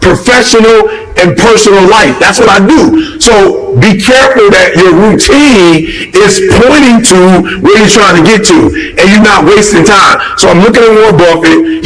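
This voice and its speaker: Animated high-pitched motivational speaker, a man. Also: rough recording. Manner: animated, preachy, talks straight to the listeners. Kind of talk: motivational talk.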